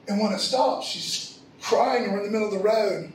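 A man's voice: high voice, brisk, slight background noise. A middle-aged man preaching a sermon, telling a personal story in a loose, slangy, conversational way. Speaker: pastor. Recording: echoey room from far off.

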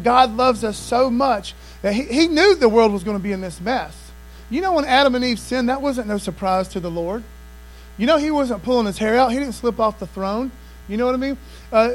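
A man's voice: very high-pitched, low-quality recording. A man preaching a sermon, emphatic and casual, often checking in with "amen" and "man.". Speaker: pastor.

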